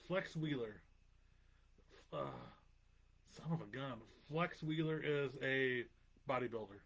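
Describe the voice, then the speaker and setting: A man's voice: mid-range voice, takes it slowly, fairly bright tone. A man co-hosting a wrestling podcast, playing a quiz contestant, thinking aloud in playful, self-deprecating banter. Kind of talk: casual banter.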